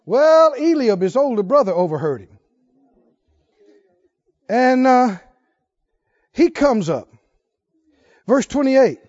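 A man's voice: extremely high pitch, big pitch swings, slow, pauses often, a little mellow, lo-fi sound. A man preaching a sermon, acting out the story's voices with energy and laughing along.

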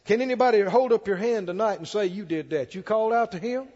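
High-voiced preacher man in an echoey church. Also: fast, darkish tone, muffled recording. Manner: reads scripture aloud with rising emphasis, questions the congregation. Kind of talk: sermon. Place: church before a congregation.

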